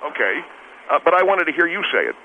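A man's voice: fairly high pitch, very animated, fast. A man voicing a boastful, hot-tempered middle-aged male steakhouse owner who brags and gets defensive, heard over a phone line. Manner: bragging, defensive, blows up. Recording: tinny phone line with hiss.

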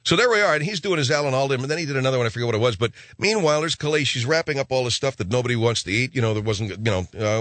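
A man hosting a talk radio show, rambling and sarcastic in a gruff, offhand way, on a studio microphone. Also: medium pitch, very fast, few pauses, a bit bright, no room sound.

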